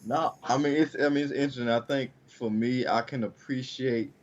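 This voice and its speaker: A man co-hosting a podcast, talking in a halting way full of fillers and trailing off. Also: medium pitch, fairly even intonation, muffled recording. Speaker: podcast co-host. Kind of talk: casual chat.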